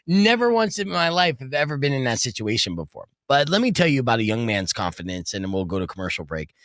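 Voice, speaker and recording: Guy in his 30s hosting a podcast, rowdy storyteller, bright voice, dry close sound. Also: medium pitch, quick pace, no room sound. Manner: animated, rowdy storytelling, yelling out quoted lines. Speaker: podcast host.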